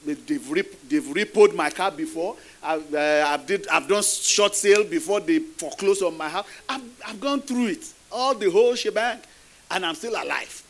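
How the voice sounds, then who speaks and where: A man's voice: high voice, moderate pace, a bit bright. A middle-aged male pastor delivering a sermon, repeating key phrases for emphasis and putting rhetorical questions to his congregation.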